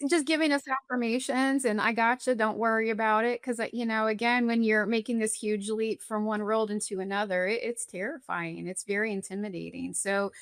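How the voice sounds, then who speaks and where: Middle-aged woman therapist, podcast guest; expressive storyteller, quick to laugh; slightly high voice, dry close mic. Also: no room sound. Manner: warm, expressive storyteller who laughs often. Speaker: therapist and social worker. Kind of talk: podcast interview.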